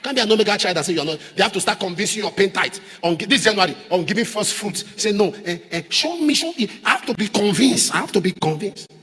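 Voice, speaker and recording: A man preaching a sermon as a pastor, emphatic, repeating phrases and rising to shouts. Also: high voice, expressive, fast talker, hardly any pauses, husky, long reverb tail. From Nigeria.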